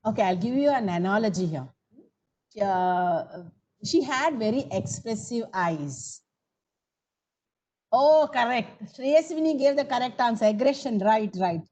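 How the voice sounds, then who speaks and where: A woman's voice: a little high, lively intonation, unhurried, mellow, poor audio. A woman teaching grammar in an online coaching class, coaxing students for answers and calling on them by name. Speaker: English teacher.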